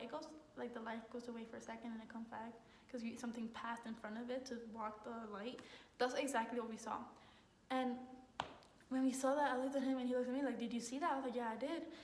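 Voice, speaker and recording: A young woman, a college student, telling a story in a casual, rambling way with lots of "like". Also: fairly high pitch. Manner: rambling, heavy use of "like", excited retelling. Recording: echoey room, faint noise.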